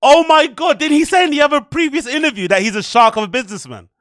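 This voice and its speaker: A man's voice: very high-pitched, animated, rapid-fire, a bit bright, no echo, clean studio sound. A man hosting a show, giving profane, sarcastic commentary full of rhetorical questions. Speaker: host. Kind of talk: ranting commentary on clips.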